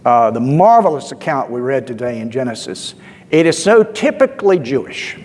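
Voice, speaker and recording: A man's voice: mid-range voice, sing-song, moderate pace, darkish tone, slight background noise. A male pastor giving a sermon in a conversational, storytelling way, with asides and filler words. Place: church. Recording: long church reverb.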